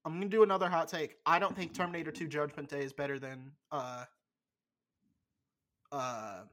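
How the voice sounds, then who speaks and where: Young podcast cohost, blunt hot takes, swears a lot, lots of uh and um, mid pitch. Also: steady tone, a bit bright. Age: young adult. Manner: blunt, opinionated, swears freely; loose, halting delivery with many fillers. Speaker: podcast co-host. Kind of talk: casual chat.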